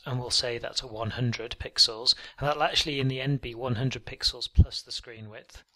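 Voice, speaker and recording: Bright-voiced man teaching code. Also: medium pitch. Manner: relaxed, thinking aloud with frequent ums. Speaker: programming tutor. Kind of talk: screen-recorded coding tutorial.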